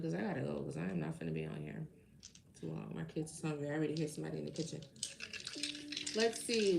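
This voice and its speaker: A woman's voice: deep voice, creaky, noisy background. A tired woman hosting a live tarot reading, chatting casually and rambling as she talks to her viewers. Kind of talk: casual live-stream chat.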